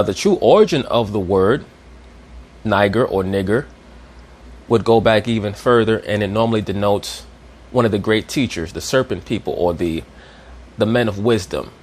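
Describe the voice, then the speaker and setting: A man's voice: lowish voice, normal speed, slight background noise. A man giving a lecturing commentary, didactic and checking in with his listeners. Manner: didactic, repeats "you understand?".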